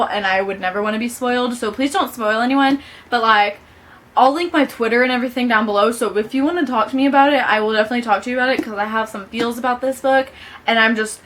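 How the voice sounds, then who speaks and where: A woman's voice: fairly high pitch, fairly bright tone. Gushing young woman book vlogger. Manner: gushing, says "like" often. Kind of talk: casual book review chat.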